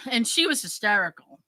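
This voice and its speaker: Woman, podcast host, animated storytelling, crisp tone, dry close sound. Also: sits high, unhurried, no room sound, low-quality recording. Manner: animated, acts out quoted dialogue. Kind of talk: casual storytelling chat.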